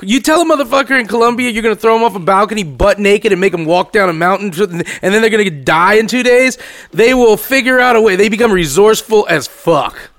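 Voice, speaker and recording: A young man with a strikingly high voice tells a story among friends. He is loose and profane and jumps into other people's voices as he goes. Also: fairly quick. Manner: animated, profane, acts out quotes. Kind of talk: casual storytelling chat.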